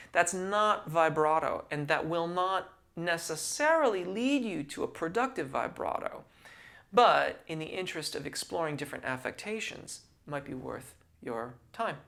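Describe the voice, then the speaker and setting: A man teaching singing, explaining vocal technique in a measured, patient way and using technical singing terms. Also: a little high, creaky, a bit bright.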